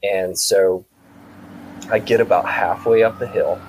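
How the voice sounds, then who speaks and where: Man from South Dakota, deep voice, casual podcast guest, rambling anecdote, faint music underneath. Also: steady tone, unhurried, darkish tone, poor audio. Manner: rambling retelling full of quoted dialogue and repeated "I said". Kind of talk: casual storytelling.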